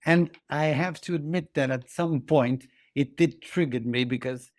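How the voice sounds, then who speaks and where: A man hosting a conversation, gentle and halting, often trailing off softly. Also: on the high side, dry recording, studio quality. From born in Belgian Congo. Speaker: host. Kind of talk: casual conversation.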